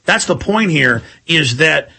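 Gravelly, bright-voiced man ranting on talk radio. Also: a little high, expressive, slow pace. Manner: rambling, emphatic, repeats himself, mimics voices. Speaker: radio talk show host. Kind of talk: heated talk radio commentary.

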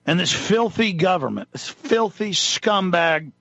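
A man's voice: high-pitched, expressive, measured pace, a bit bright, dry recording, dull audio. A man hosting a talk radio show, ranting indignantly and reading news items aloud in an impassioned monologue.

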